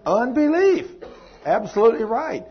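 A man's voice: extremely high pitch, sing-song, moderate pace, breathy edge, muffled recording. An older man, preaching a sermon in a folksy, emphatic way, his voice climbing on exclamations. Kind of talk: sermon teaching.

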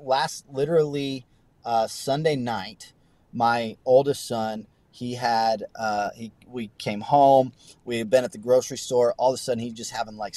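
Male pastor guest, medium pitch, sincere podcast storyteller, dry room. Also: a little mellow, no room sound. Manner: earnest storytelling with many restarts. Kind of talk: conversational testimony on a podcast.

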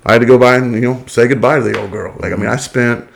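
A man's voice: mid-range voice, fast, creaky, a little hiss or hum. A man, a podcast guest telling rambling stories with lots of fillers in casual chat. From England. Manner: rambling storyteller with many fillers.

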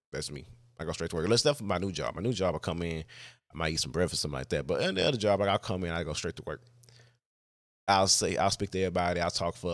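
A man's voice: sits low, no echo, studio quality. A man hosting a podcast, telling a personal story in a casual, rambling way with lots of "like" and restarts. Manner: rambling, heavy use of "like", frequent restarts. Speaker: podcast host.

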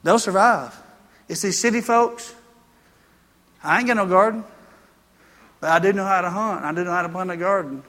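A man's voice: high voice, moderate pace, long pauses, sharp tone, in a large hall. A man preaching a sermon, mixing folksy country stories with emphatic preaching. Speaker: pastor.

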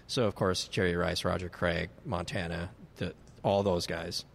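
A man in his late thirties telling a swearing, animated story in casual chat, acting out the people he quotes. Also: low voice, moderate pace, creaky. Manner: animated anecdote teller, swears freely, acts out shouted quotes.

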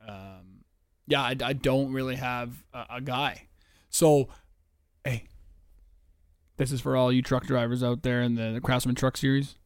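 A man's voice: medium pitch, fairly even intonation, unhurried, long pauses, smooth, no room sound, clean studio sound. A man hosting a casual solo podcast, rambling with lots of fillers, restarts and swearing. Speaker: podcast host.

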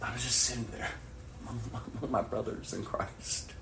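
A middle-aged man preaching a sermon, dropping to hushed whispers and rising to loud, impassioned appeals. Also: mid-range voice, steady tone, normal speed, vocal fry, background noise. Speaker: pastor. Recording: echoey room with faint ambience.

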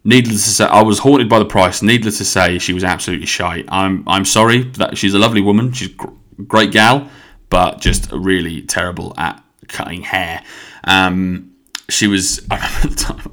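Young podcast host, low voice, rambling and sweary. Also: male voice, a little fast, a bit bright. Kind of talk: casual solo podcast monologue. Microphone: podcast microphone.

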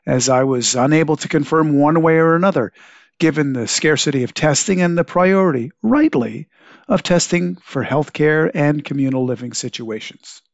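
A man hosting a podcast, congested from a cold, reading a measured, clearly enunciated introduction and then interviewing a guest over a video call. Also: a little high, dry recording, dull audio. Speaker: podcast host. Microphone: home setup over video call.

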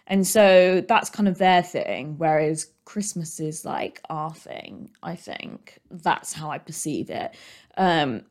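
A woman's voice: mid-range voice, a little mellow. A British woman hosting a solo podcast, chatting casually in a rambling way, full of ums and likes, into a desk microphone. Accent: British English. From Britain. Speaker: podcast host.

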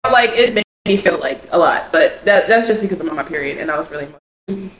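A young woman co-hosting a podcast in casual chat, frank and expressive, swearing freely. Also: on the low side, fast. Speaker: podcast co-host. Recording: echoey room, faint background noise.

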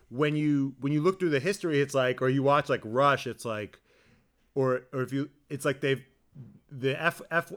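A man co-hosting a casual comedic chat, telling stories with lots of stammering restarts and acted-out quotes. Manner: animated storyteller, acts out quotes with big pitch swings. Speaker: podcast co-host.

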